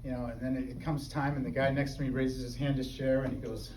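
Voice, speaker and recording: A man's voice: medium pitch, little pitch movement, fast talker, hardly any pauses, a little mellow. A middle-aged man from the New Hampshire seacoast, doing rambling, self-deprecating stand-up comedy full of fillers. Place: open mic venue. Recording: echoey room, distant mic, noisy.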